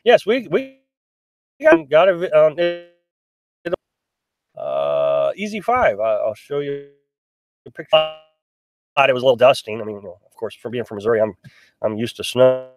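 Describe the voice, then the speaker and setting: Hosting a casual live stream in a small pop-up camper, a middle-aged man reads and replies to viewer comments at normal speed with long pauses. His mid-range voice swings widely in pitch, and he rambles chattily with many restarts and fillers. The highs in the recording are cut off.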